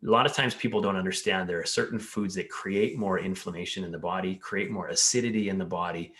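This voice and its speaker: A man with a lowish voice talks through his health advice in an interview. He is earnest and explanatory, and he sometimes slips into the voices of the patients he describes. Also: steady tone, quick pace, fairly bright tone. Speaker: pharmacist and health coach. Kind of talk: interview conversation.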